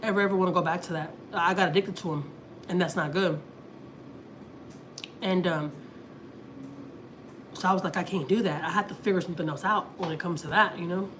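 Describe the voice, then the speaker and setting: A woman's voice: on the low side, fairly quick, long pauses, a bit bright, a little hiss or hum. A woman from Houston in her thirties, chatting casually on a family livestream and rambling through a personal story as she acts out what people said. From Houston, Texas.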